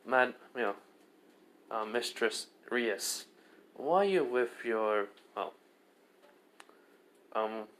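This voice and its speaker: A man's voice: medium pitch, lively intonation, extremely slow, pauses often, a bit bright. A man voicing a proud, disdainful female devil servant who speaks hesitantly.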